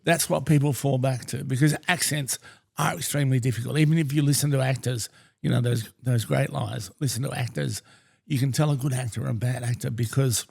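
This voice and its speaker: A man co-hosting a podcast, speaking in a measured, articulate way with dry humour. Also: medium pitch, steady tone, gravelly, husky. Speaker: podcast co-host. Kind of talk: casual podcast chat.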